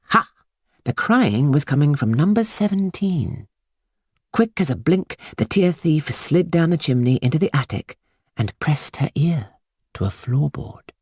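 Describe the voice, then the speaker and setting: A woman reading a children's story aloud in a hushed, suspenseful manner. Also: low-pitched, lively intonation, unhurried, husky, no room sound, studio quality. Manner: hushed and suspenseful, lingering on words. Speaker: audiobook narrator. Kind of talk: scripted storybook narration.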